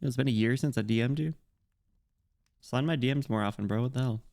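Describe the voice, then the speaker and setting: A man's voice: mid-range voice, fairly quick, gravelly, darkish tone. A young man chatting casually with his chat while streaming a game, laughing often and reading messages aloud.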